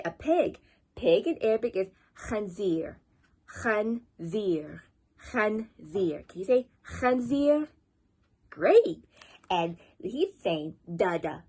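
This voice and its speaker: A woman leading a children's storytime as librarian, encouraging and sing-song, teaching words slowly. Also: a little high, lively intonation, warm tone.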